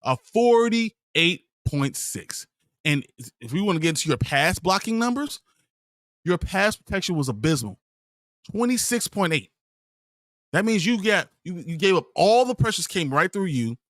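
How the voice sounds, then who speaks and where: Exasperated podcast host, high and lively, swearing rant, dry sound. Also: male voice, moderate pace, no room sound. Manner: exasperated, profane ranting. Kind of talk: ranting sports podcast.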